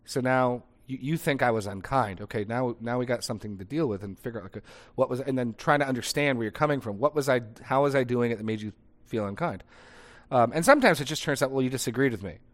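A man preaching in a conversational, animated way, acting out short dialogues as examples. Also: mid-range voice, fast talker. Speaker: pastor. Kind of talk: conversational sermon.

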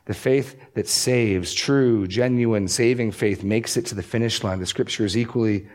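A man's voice: fairly low pitch, normal speed, darkish tone. A man preaching as a pastor, emphatic and repeating key phrases for stress. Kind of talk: sermon.

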